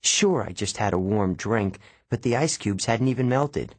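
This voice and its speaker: A man reads a first-person story aloud in a low, husky voice. His delivery is steady and measured, recorded close and dry with no room echo. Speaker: audiobook narrator. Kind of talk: first-person scripted narration.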